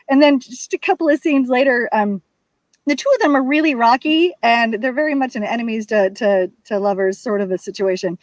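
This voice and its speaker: A woman author telling scenes from her book in casual chat, animated and full of restarts. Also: on the high side, fairly quick, no room sound, rough recording. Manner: animated retelling with restarts and repeats. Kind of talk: casual chat about writing.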